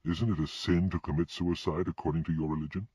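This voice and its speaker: A man's voice: sits low, fairly even intonation, fast talker, dark tone, husky, no room sound. A man voicing an earnest young man who serves as Death in an audiobook, speaking in a pleading, urgent way. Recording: dull lo-fi recording.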